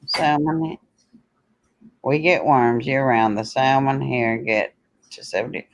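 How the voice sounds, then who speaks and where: Gravelly Southern man with a country drawl. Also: medium pitch, fairly even intonation, slow pace, muffled recording. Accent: Southern US, rural Florida with Kentucky. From rural Florida. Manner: folksy, reads viewer comments aloud and answers them. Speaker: co-host of a livestream. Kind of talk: casual livestream chat.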